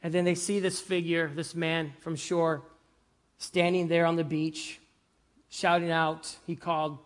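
A man preaching a sermon in a conversational way, often asking "right?" and "amen?", moving between loud emphasis and hushed, soft lines. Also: on the high side, little pitch movement, measured pace. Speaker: pastor.

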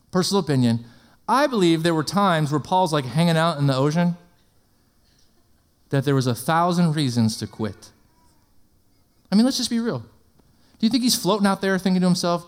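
Lively, higher-pitched male preacher. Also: a little fast. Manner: energetic, conversational, asks the congregation questions, jokes. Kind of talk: sermon.

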